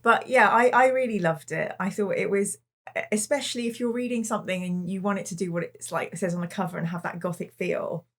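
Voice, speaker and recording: A woman's voice: mid-range voice, brisk, a bit bright. Gushing woman hosting a book podcast. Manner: enthusiastic, gushing, laughing often. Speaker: book club host. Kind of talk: casual podcast chat.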